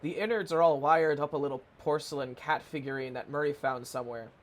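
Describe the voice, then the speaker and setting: A man's voice: on the high side, fairly even intonation, a little fast, slight background noise, lightly acted. A man voicing a modest handyman with a put-on Irish accent, rambling folksily. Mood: folksy.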